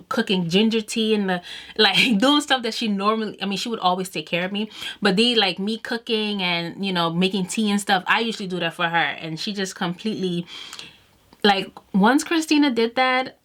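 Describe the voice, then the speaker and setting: A woman's voice: medium pitch, a little fast. A woman beauty vlogger telling a personal story in a casual, chatty way to camera, often acting out what she and others said. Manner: chatty and animated, quoting herself and others. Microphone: camera mic while doing makeup.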